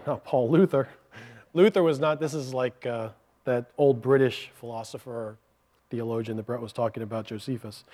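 A man's voice: on the high side, darkish tone. A man preaching a sermon as pastor, earnestly explaining a point step by step with asides.

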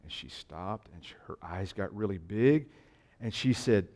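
Low-voiced man preaching a conversational sermon. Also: lively intonation, a little slow, a little mellow. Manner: conversational, self-deprecating storytelling.

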